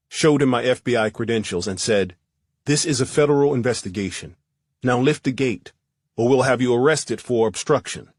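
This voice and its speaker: A man narrating a first-person thriller audiobook in a steady, measured reading. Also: fairly low pitch, dry recording, clean studio sound.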